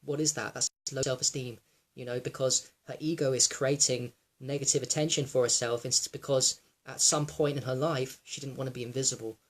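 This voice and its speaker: A young man in a raw personal monologue, reflective and halting, with many fillers and restarts, sometimes close to tears. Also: medium pitch, steady tone. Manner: emotional, close to tears at times. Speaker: wellness vlogger.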